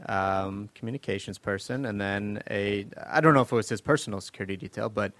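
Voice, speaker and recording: A man's voice: fairly low pitch, brisk, fairly bright tone, no room sound. A man hosting a casual podcast chat, telling stories loosely with lots of fillers and laughs. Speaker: podcast host.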